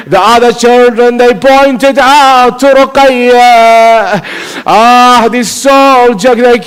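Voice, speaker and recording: A man's voice: very high-pitched, clean tone, low-quality recording. A man preacher giving a mourning sermon, telling the story in an emotive, repetitive way.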